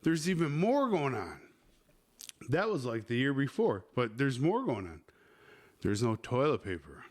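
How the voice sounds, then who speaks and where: A man's voice: mid-range voice, very animated, a little slow. A man hosting a podcast, telling a rambling, crude story full of swearing. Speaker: podcast host.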